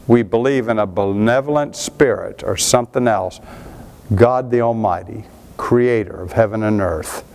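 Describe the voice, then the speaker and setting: A man preaching a sermon, animated, swinging between emphatic and quieter passages. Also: mid-range voice. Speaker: pastor.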